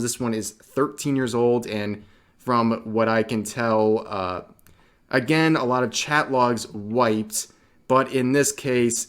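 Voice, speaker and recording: A man's voice: medium pitch, a bit bright. A man hosting an online commentary video, reading out chat logs and reacting with open disgust. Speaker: commentary channel host.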